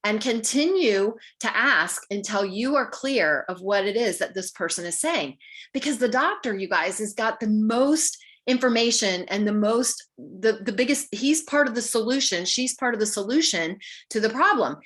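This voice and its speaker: A woman's voice: fairly high pitch, animated, moderate pace, a bit bright. A woman speaking as a patient advocate to a community group, practical and conversational, acting out short exchanges with nurses and doctors. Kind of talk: informal talk to community group.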